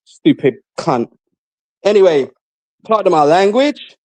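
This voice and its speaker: A man's voice: high-pitched, lively intonation, unhurried, darkish tone, no echo. A man trash-talking and taunting his haters in casual stream chat. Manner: repeats himself, mocking. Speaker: live stream guest.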